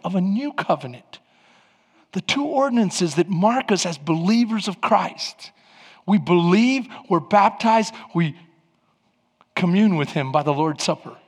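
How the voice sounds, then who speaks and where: A man preaching a sermon as pastor in a church sanctuary, animated and conversational, building up to loud passages. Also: high voice, slightly rough. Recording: long reverb in a large hall.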